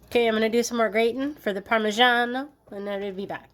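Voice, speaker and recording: A woman's voice: a little high, fairly even intonation, fast talker. A woman hosting a cooking video, chatting casually in a playful, joking way while she works in her home kitchen. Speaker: cooking vlogger.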